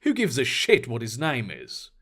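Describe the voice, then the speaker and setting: A man's voice: mid-range voice, wildly swooping pitch, moderate pace, a bit bright, voice pushed down, heavily acted. A man voicing a cold, menacing young male spy who speaks curtly and with scorn. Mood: scornful. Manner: curt, scornful and threatening.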